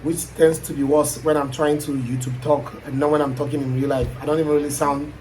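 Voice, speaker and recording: Nigerian guy thinking out loud, kinda higher voice, laid-back rambling chat. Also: little pitch movement, a little fast, a little hiss or hum, rough recording. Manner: musing, thinking aloud with frequent trailing asides. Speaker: aspiring YouTuber. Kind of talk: casual reflective chat.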